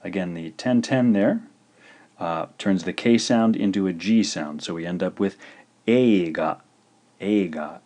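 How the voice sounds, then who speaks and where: A man's voice: sits low, mellow. A man teaching a language lesson, carefully pronouncing syllables and repeating each one. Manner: slow, careful pronunciation of syllables with repetition. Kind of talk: scripted video lesson.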